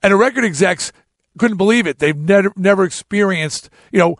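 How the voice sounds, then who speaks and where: A man's voice: sits high, a little fast, a bit bright, no echo, clean studio sound. A middle-aged man telling a casual story to his listeners in a blunt, profane way, with many restarts. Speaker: podcast host.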